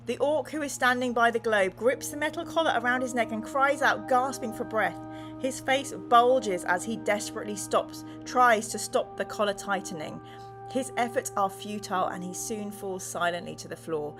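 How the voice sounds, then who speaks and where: A woman's voice: fairly high pitch, moderate pace. A woman streamer reading a gamebook aloud to her live chat, playful and dramatic as she chats with viewers. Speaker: streamer and host. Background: music.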